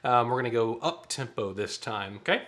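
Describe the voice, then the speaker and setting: A man's voice: medium pitch, lively intonation, normal speed, fairly bright tone. A man leading a choir rehearsal, counting off beats and singing short phrases to show how they go. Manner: counts off beats and sings lines to demonstrate. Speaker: choir director.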